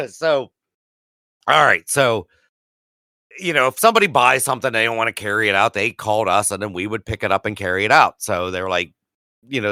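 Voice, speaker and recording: A man's voice: brisk, bright, forceful tone, no echo, clean studio sound. A man in his forties, a podcast co-host, casually telling a self-mocking, profane story and acting out the other voices. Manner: profane, self-mocking, acts out quotes with rising pitch.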